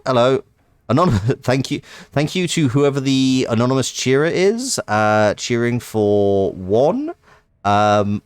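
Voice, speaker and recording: A man's voice: mid-range voice, smooth, no room sound. A man streaming a game live, chatting casually and thanking viewers. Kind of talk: live-streamed game playthrough with reading aloud.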